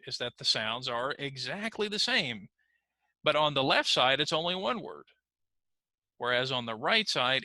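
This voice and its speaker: Bright-voiced man teaching pronunciation. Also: medium pitch, no echo, low-quality recording. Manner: slow, clear modeling of words for learners to repeat. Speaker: ESL teacher. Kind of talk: online pronunciation lesson. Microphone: computer mic on a screen recording.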